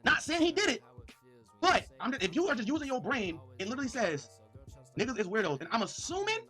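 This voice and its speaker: Excitable male streamer, high and quick, riffing to his chat over soft music. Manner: excitable, addresses chat directly, reads messages aloud. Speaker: livestreamer. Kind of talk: livestream commentary.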